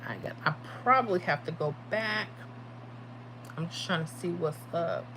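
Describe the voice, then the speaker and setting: Running low on sleep, this livestream host offers lottery predictions while chatting casually and reading out what viewers write. She speaks on the low side at a moderate pace, and background noise can be heard.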